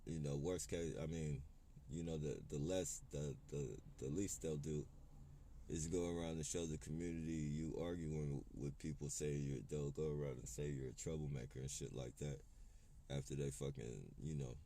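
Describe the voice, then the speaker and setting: A man with a very low, dark voice rants straight to his audience, heated and full of profanity. He rambles and trips over his own words as he goes, restarting sentences again and again. A faint hiss of noise sits under the recording. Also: fairly even intonation, normal speed. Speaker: vlogger. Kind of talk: unscripted rant to camera.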